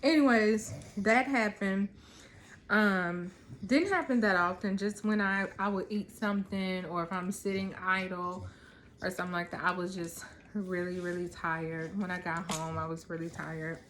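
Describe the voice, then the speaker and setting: A woman in her thirties talking casually to camera at home, relaxed and rambling with lots of ums. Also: on the low side, normal speed, slight background noise. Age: 30s. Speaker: vlogger. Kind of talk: casual chat.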